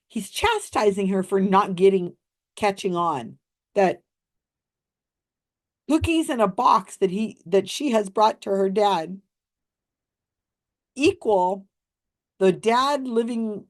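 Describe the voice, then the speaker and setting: A woman telling a story in a casual commentary, wry and lively, often acting out the lines of the people she describes. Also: medium pitch. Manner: animated retelling, acts out quoted lines. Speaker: skeptical commentator on psychics.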